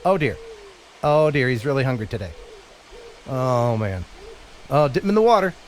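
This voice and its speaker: A man's voice: medium pitch, sing-song, normal speed, a little hiss or hum. A man hosting a casual live stream, teasing his co-host with playful, laughing banter.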